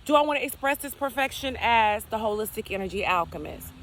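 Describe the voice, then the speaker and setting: Higher-voiced woman musing outdoors. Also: expressive, fast talker, a bit bright. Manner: repetitive affirming, rhetorical what-if questions. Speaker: spiritual content creator. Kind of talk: casual spiritual talk to camera. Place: outdoors, near geese and trees.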